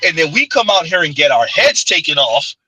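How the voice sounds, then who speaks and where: A man with a high, husky voice whose pitch swings widely as he tells animated stories and asks pointed rhetorical questions. He is recorded close and dry, with a sharp, bright edge. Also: fairly quick, no room sound, rough recording. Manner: animated storyteller, rhetorical questions, laughs often. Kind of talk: casual chat.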